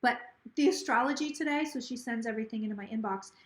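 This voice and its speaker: A woman's voice: on the high side, quick pace, echoey room. A tipsy woman hosting a casual psychic livestream on her phone, rambling and gossipy, swearing freely and slurring a little.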